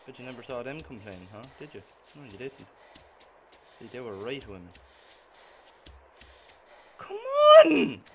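A young man giving profane gameplay commentary, muttering to himself and then suddenly yelling. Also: medium pitch, brisk. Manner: swears constantly, muttering that bursts into sudden yells. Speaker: gaming channel host. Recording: noisy gameplay recording.

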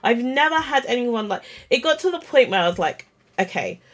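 A woman, telling an animated, self-mocking story in a casual vlog, full of "like" and quoted dialogue. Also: on the high side, fairly quick. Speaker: vlogger.

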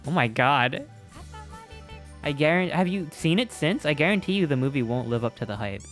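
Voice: mid-range voice, lively intonation, normal speed, a bit bright, soft background music. Chatty, rambling live streamer. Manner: chatty, rambling and playful, with frequent restarts. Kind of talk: casual live-stream chat with viewers.

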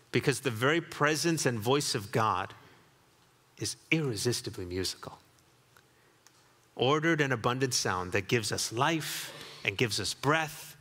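A man's voice: a little high, sharp tone, in a large hall. A man preaching a sermon as pastor, reflective and building to emphatic repetition, in a church sanctuary.

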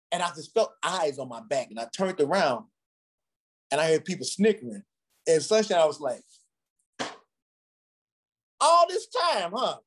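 A man from Ghana, a drummer, telling stories from his childhood in a conversation and acting out the voices of the people in them. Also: high voice. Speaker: guest drummer. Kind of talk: storytelling in a conversation.

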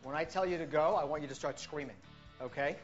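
A woman with a notably low voice talks a home cook through a quick healthy meal, upbeat and forever checking in. The sound is dull and lo-fi. Clear music plays under her. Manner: upbeat, keeps checking in with "okay?". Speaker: nutrition coach. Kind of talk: cooking demonstration.

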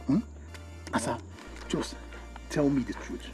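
A man's voice: mid-range voice, takes it slowly, darkish tone, faint music behind, natural voice. An actor playing a boastful, teasing young man with a Nigerian Igbo accent, mocking a friend in mixed Igbo and English.

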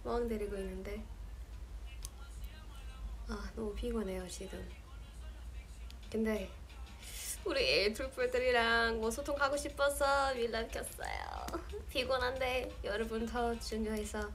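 A woman's voice: a little high, very animated, racing, pauses often, soft background music. A woman in her twenties from the United States, tired and sleepy, chatting casually with fans on a livestream. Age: 20s. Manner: soft-spoken, drifting, chatty with fans. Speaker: singer hosting a fan livestream.

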